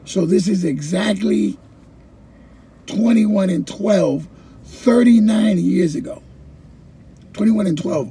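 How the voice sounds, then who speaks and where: Animated male storyteller, high, mellow. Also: slow, long pauses, a little hiss or hum. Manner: animated storyteller, repeats phrases, voices his own past thoughts. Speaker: ESL teacher. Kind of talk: personal storytelling talk.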